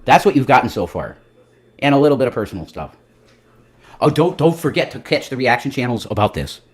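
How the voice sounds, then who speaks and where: A man's voice: mid-range voice, expressive, brisk, husky. Rambling, profane man on a livestream. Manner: profane, rambling, jumps between loud and muttered. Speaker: livestreamer and self-styled reverend. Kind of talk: rambling comedic livestream monologue.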